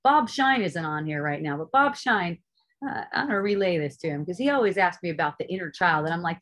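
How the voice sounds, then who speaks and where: Animated and brisk, with a voice on the low side, a woman earnestly delivers spiritual teaching to an online group. She alternates emphatic loud moments with quiet asides and swears in a relaxed way.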